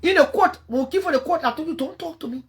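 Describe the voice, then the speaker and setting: A high-voiced woman with a Liberian English accent, ranting into her phone on a livestream. She is confrontational and swears freely. Her voice drops to low mutters, then bursts out loud again. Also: racing. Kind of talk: angry livestream rant.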